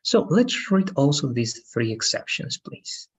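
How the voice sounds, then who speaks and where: A man's voice: medium pitch, big pitch swings, unhurried, slightly rough. A man teaching an English grammar lesson online, checking in with "right?" after almost every sentence.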